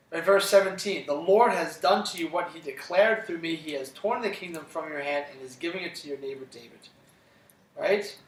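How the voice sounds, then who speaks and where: A man's voice: fairly high pitch, a bit bright, echoey room, recorded from a distance. A man teaching a casual classroom Bible lesson, retelling scripture conversationally and checking in with listeners after nearly every sentence. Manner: conversational, checks in with "right?" constantly.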